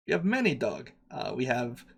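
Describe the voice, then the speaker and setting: A man's voice: high-pitched, lively intonation, voice pushed up. A man voicing a short, hunched old male shopkeeper with a put-on foreign accent and broken English. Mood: welcoming. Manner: fawning salesman, broken halting English. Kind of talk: tabletop game voice acting.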